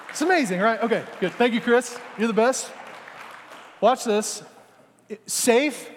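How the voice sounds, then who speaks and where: Male pastor, high voice, animated sermon with acted-out scenes, long hall reverb. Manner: animated, acts out little scenes, talks to the congregation.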